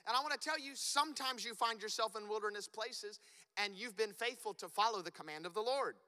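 High, bright-voiced preaching man. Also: brisk. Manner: animated, building to loud emphatic peaks. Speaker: pastor. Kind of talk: sermon. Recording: long reverb of a church hall.

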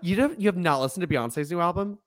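Brief: giggly male co-host, lively swooping pitch, chatty recaps. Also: fast talker. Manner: animated recapping, lots of laughter and "like". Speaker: podcast co-host. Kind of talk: casual chat.

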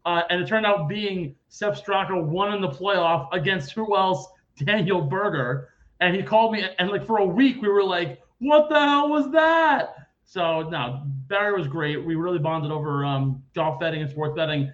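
A man hosting a casual sports podcast, talking in an animated, rambling way and acting out quoted people loudly. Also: high-pitched, moderate pace, lo-fi sound. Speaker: podcast host.

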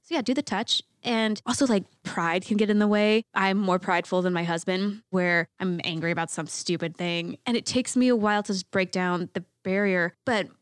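A woman's voice: mid-range voice, steady tone, moderate pace, hardly any pauses, clear, resonant tone, no echo, studio quality. A woman hosting a casual chat, open and confessional about her marriage.

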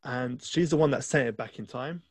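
A man's voice: mid-range voice, moderate pace, breathy edge, no echo. A man co-hosting a podcast, chatting casually and enthusiastically about a film, rambling with restarts. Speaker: podcast co-host.

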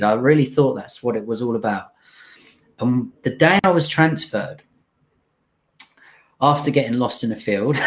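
A young adult man telling an emotional personal story in an earnest, halting way, with many restarts and fillers. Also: lowish voice. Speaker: speaker telling his recovery story.

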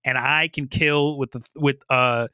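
A boastful half-orc enforcer brags offhandedly about her deadly powers, as a man voices her lightly in his own voice. The sound is bright, close and dry. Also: medium pitch, steady tone, unhurried, smooth, no echo, rough recording.

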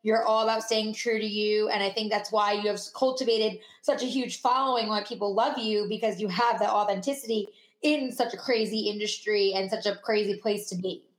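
A woman hosts a podcast interview, feeling her way through questions with lots of "um" and "like," then praising her guest. Her voice is middle-pitched. She sounds like she is in an echoey room. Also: fairly even intonation. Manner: halting, searching for words, warm praise. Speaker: podcast co-host. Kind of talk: casual interview chat.

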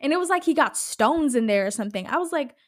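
A woman's voice: sits high, fast, no room sound, clean studio sound. Chatty, foul-mouthed young woman podcaster. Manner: animated, swears a lot, rambling storytelling. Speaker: podcast host. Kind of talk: casual solo podcast chat.

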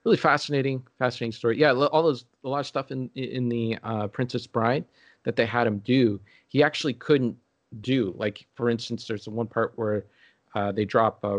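A man in casual chat, rambling and halting with many restarts and fillers. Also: on the low side, no echo.

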